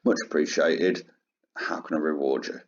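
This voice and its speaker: Man doing a casual storybook king, offhand, low and unhurried, muffled sound. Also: steady tone, vocal fry, slight background noise. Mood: breezy. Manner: offhand and breezy. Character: pleased, careless male king of old. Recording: dull lo-fi sound.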